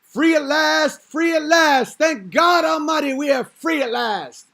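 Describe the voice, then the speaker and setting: A man doing an impression of a male preacher giving a shouted, drawn-out speech. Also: extremely high pitch, creaky, voice pushed up, heavily acted. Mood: rousing. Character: booming male civil rights preacher, impression.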